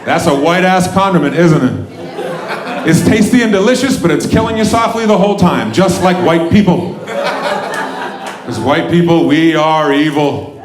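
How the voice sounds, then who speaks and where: A man in his forties works a comedy club stage with crude, self-mocking stand-up and sudden shouted bits. His voice sits high and swings widely, bouncing around a roomy hall. A loud crowd laughs behind him. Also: expressive, normal speed. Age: 40s. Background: audience laughter.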